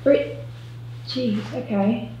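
A woman's voice: a little high, extremely slow, dark tone. A woman from East London chatting casually with a stranger on a video call, giving brief, polite replies. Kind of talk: casual chat. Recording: echoey, muffled, noisy video call audio.

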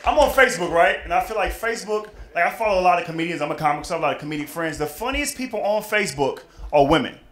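A man from Texas doing a stand-up comedy set, telling stories animatedly and acting out loud voices. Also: high-pitched, lively intonation, very fast, hardly any pauses. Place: comedy club stage with live audience.

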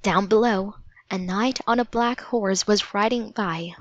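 Woman, storybook narrator, gentle, measured, very slow, dry close sound, slightly muffled. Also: medium pitch, dry recording. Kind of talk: storybook read-aloud. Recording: dry, slightly dull audiobook recording.

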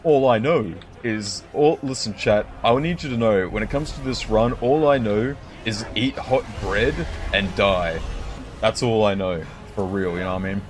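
A man's voice: fairly low pitch, moderate pace. A young man chatting casually to his viewers while playing a game, rambling and joking and repeating himself. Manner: rambling, jokey, repeats himself, talks to chat. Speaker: streamer. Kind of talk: casual gameplay commentary.

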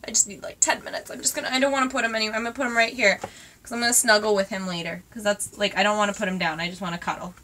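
Bright, gushing woman in her twenties. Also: mid-range voice, rapid-fire, slight background noise. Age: 20s. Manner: gushing, excitable, lots of "like" and gasps. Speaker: vlogger. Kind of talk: casual unboxing chat.

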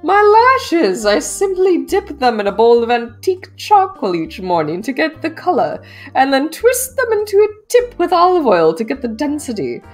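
A woman voicing a pompous, wealthy rat suitor in an affected high-pitched upper-class drawl. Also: very animated, normal speed, faint music behind. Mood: vain.

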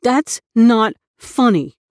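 A woman voicing a small, easily teased boy in a spoken storybook, with a shrill, whiny manner. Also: normal speed, warm tone, no room sound, clean studio sound, lightly acted. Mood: sulky.

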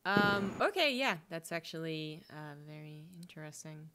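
A woman's voice: low-pitched, lively intonation, normal speed, sharp tone, a little hiss or hum. A woman running a tabletop game as game master, narrating hesitantly with many fillers.

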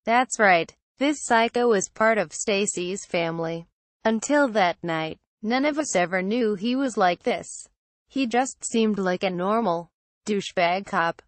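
Slow, measured woman reading horror. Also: medium pitch, dry recording. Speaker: story reader. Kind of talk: reading a horror story aloud.

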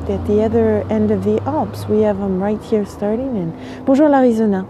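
Outdoors on a windy seaside morning, a French-accented livestream host greets her viewers in French and English from her phone. She speaks at a moderate pace with medium pitch and fairly even intonation, sounding still sleepy, against background noise.

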